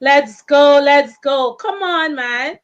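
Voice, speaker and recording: A woman's voice: sits high, slow pace, highs cut off. A woman hosting a live stream, coaxing the viewers to write in the chat. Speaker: host.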